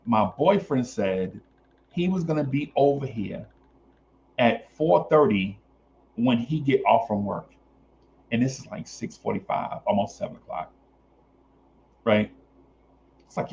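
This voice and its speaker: A man's voice: mid-range voice, measured pace, pauses often, lo-fi sound, slight background noise. A man casually telling a long story on a podcast, swearing and acting out the other voices. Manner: animated, swears, acts out voices.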